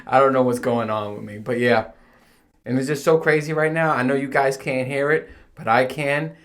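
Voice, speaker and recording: A man's voice: medium pitch, fairly even intonation, normal speed, a bit bright. A man hosting his podcast from home, chatting casually in a rambling, profane way and laughing at himself. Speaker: podcast host. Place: home room. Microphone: home recording setup.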